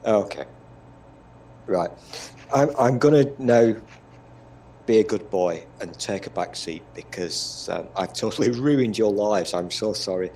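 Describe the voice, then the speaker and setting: A man's voice: fairly low pitch, lively intonation, unhurried, pauses often, a little mellow, slight background noise. A British man in casual chat, swearing freely and bragging in a teasing, mock-boastful way. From Britain.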